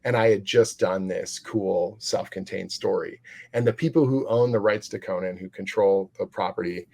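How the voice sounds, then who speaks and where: Guest man, lowish voice, eager rambling storyteller with lots of fillers. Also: moderate pace, vocal fry, mellow. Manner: rambling, enthusiastic, many fillers and restarts. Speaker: comic book writer, guest. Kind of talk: casual interview storytelling.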